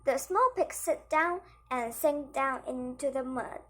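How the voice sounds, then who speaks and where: A woman reading a children's story aloud, halting, with frequent slips and self-corrections. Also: sits high.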